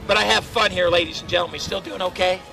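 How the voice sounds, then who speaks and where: Loud, joking man warming up an outdoor crowd. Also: high-pitched, fairly even intonation, fast talker, vocal fry, soft background music, rough recording. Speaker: theme park crowd-control cast member. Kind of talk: pre-show crowd warm-up storytelling. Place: outdoors at a theme park show area. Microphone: handheld voice amplifier.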